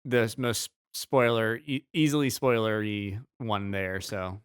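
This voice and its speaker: A man co-hosting a podcast, asking quick follow-up questions and laughing often in casual chat. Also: on the low side, clear, resonant tone, no room sound, studio quality. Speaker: podcast co-host.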